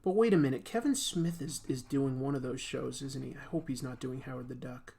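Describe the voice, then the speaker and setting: The livestream host, a comics artist, speaks in a mid-range, creaky, dark voice at a brisk clip. While he draws, he rambles and jokes with lots of fillers.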